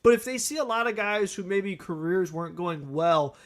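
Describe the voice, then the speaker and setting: A man's voice: sits high, moderate pace. A man co-hosting a sports podcast, talking earnestly and at length about his team and laughing easily. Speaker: podcast co-host. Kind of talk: casual sports talk.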